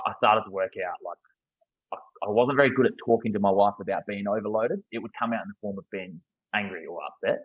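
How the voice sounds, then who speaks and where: A man's voice: fairly low pitch, husky, no room sound, dull audio. An Australian man in his thirties, a football coach speaking as a guest in a casual interview, candid and earnest, often restarting his sentences.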